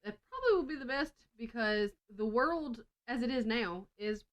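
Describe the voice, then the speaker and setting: A woman co-hosting a casual podcast at home, teasing her partner with quick quips and frequent giggles. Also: a little high, expressive. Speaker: podcast co-host. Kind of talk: casual chat. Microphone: shared swivel mic.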